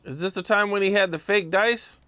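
A man's voice: sits high, fairly quick, bright, forceful tone. A man hosting an interview, asking short plain questions and reacting briefly.

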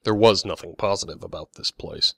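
A man's voice: deep voice, a little fast, fairly bright tone, no room sound. A man voicing a bitter, hot-tempered older man in an audiobook, muttering his lines. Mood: sullen.

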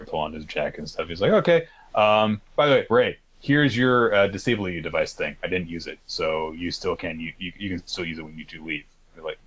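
Casual male podcast co-host, very low voice, rambling filler-heavy retelling. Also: fairly bright tone. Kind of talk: casual recap chat.

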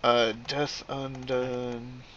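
A man's voice: medium pitch, level tone, drawn-out words, fairly bright tone, muffled recording, slight background noise. A man streaming while gaming, rambling in casual chat with lots of fillers and casual swearing.

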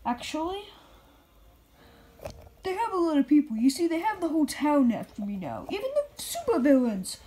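High-voiced lady doing a silly puppet news show, shouty, slow, swoopy pitch. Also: poor audio. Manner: excitable, shouts out bursts. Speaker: host of a puppet news video. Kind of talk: playful puppet news skit.

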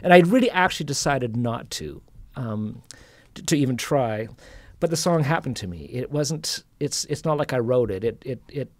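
Middle-aged male host; gentle, reflective storyteller, mid-range voice, dry and close. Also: medium pitch, expressive, moderate pace, no echo. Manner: reflective, soft-spoken, full of restarts. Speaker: podcast host and singer-songwriter. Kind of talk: casual storytelling conversation.

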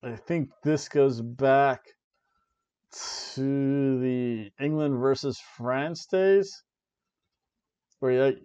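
A man hosting a wrestling review podcast, ranting and joking sarcastically in a casual, animated way. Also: medium pitch, drawn-out words, pauses often, clear, resonant tone, no room sound. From Florida, USA. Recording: dull lo-fi dry recording.

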